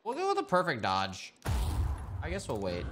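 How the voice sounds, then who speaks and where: A man's voice: a little high, huge pitch swings, moderate pace, background noise. Profane, offhand streamer man. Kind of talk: casual gameplay commentary. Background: game music.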